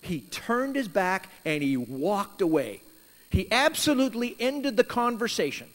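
A man preaching a sermon, telling a Bible story with lively emphasis and acting out the characters' words. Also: high voice, a little slow, long reverb tail. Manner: animated storytelling, voicing Jonah and God in quoted lines. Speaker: pastor.

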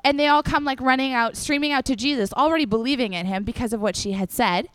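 A fast-talking young female preacher has a high voice and a clean tone, with no room sound in the recording. She chats casually to her congregation, animatedly portraying the people in each story she tells.

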